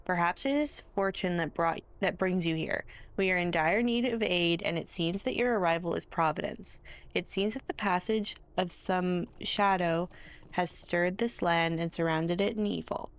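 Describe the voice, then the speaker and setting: A woman's voice: fairly low pitch, moderate pace, natural voice. A woman reading aloud the lines of a weary leader of travelers trapped in haunted lands, in an earnest, solemn voice. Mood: grave. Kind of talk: reading game dialogue aloud.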